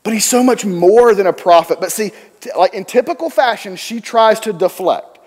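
A man with a high voice delivers a sermon in a church sanctuary. He tells the story in a lively way, acting out the voices of the people in it. His voice rings with a long reverb through the hall. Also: normal speed. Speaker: pastor.

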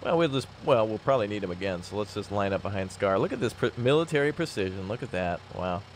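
A man hosting a multiplayer game session in casual chat with friends, rambling and joking, quick to exclaim. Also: lowish voice, animated, slight background noise.

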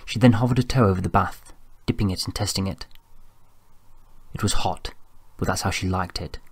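A man reading an audiobook in an even, measured storytelling voice, close to the mic. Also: low voice, husky. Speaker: audiobook narrator. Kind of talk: scripted narration.

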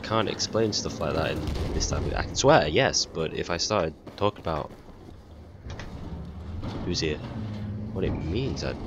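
A young British man commenting casually on his own gameplay, excitable and quick to swear and shout at the game. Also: extremely low pitch, noisy background. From Britain.

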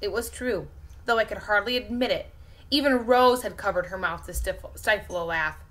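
A woman teacher reads a children's novel aloud to her fifth-grade class with lively expression. Her voice is bright and forward, and she sits at a middle pitch. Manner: lively expressive reading, pausing to talk to a baby and the class. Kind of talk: interactive read-aloud for children.

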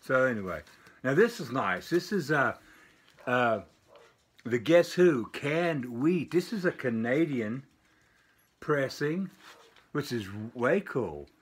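An older man casually showing off a package of vinyl records, rambling with lots of filler pauses. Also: mid-range voice, animated, husky. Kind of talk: casual unboxing vlog. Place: home with dogs barking nearby.

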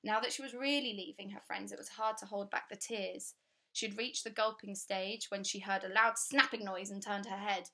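Woman, storybook reading aloud, clear steady narration, expressive. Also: medium pitch, moderate pace. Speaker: audiobook reader.

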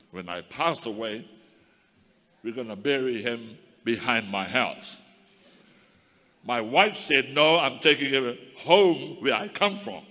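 A man's voice: medium pitch, sharp tone. A man, a minister, giving a fervent testimony sermon to his congregation. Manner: fervent preaching, addresses the congregation as saints. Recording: long hall reverb with faint crowd.

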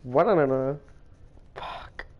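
A woman's voice: a bass voice, slow pace, highs cut off. A woman streaming a video game, laughing and swearing as she complains to her friends. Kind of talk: casual gaming stream chat.

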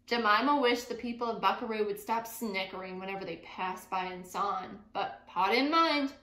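A woman teacher reading a picture book aloud to her class, pausing to think out loud about what she imagines. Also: medium pitch. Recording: echoey room.

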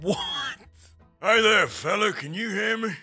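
A man doing a gruff, angry cowboy outlaw. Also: sits high, measured pace, soft background music, exaggerated voice. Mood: folksy. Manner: loud, cursing, indignant, drawled Western lines. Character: gruff grown male outlaw cowboy, hot-tempered. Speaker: streamer doing an in-game character voice.

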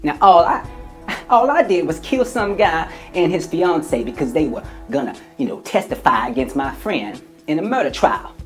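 An indignant male death-row inmate, as a man puts him on in a comedic impression, his voice pushed well up from his own and swinging wildly in pitch. He talks with a mocking street swagger and sounds fed up at every turn. Faint music plays behind him. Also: lively intonation, normal speed, natural voice.

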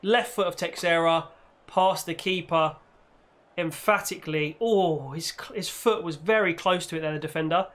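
A man commentating on his own football video game, reacting loudly and shouting at goals and the referee. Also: a little high, moderate pace. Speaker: gaming YouTuber. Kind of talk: excitable gameplay commentary.

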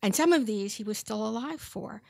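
A woman in her seventies, an audience member at a book talk, asking a question thoughtfully with hesitant pauses. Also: on the high side, animated, vocal fry, mellow, no echo, clean studio sound. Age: 70s. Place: bookstore event room.

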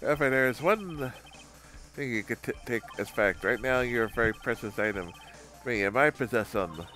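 A man voicing a cold, calculating male kidnapper in a video game, speaking slowly and menacingly. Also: mid-range voice, expressive, sharp tone, faint music behind.

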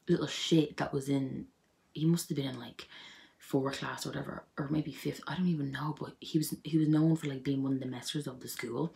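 A young woman vlogger tells funny childhood stories to camera, full of fillers and laughter. Her voice is low-pitched and gravelly, with a dark tone.

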